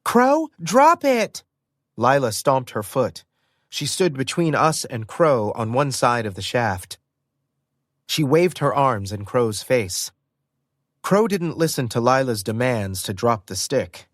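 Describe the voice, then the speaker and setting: Guy reading an audiobook, expressive storyteller, mid pitch, dry studio mic. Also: slow, dry recording. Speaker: audiobook narrator. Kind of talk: first-person audiobook narration.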